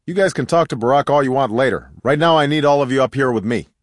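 A man voicing a busy, brisk community organizer in a read-aloud story, who calls out to people. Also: mid-range voice, dry recording, clean studio sound, pitched above the performer's own voice, lightly acted. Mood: calling.

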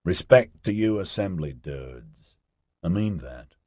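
A man's voice: low voice, expressive, takes it slowly, darkish tone, husky, no echo, clean studio sound, full character voice. A man voicing an easygoing, slang-talking young man in an audiobook. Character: laid-back cheerful young man, tech enthusiast.

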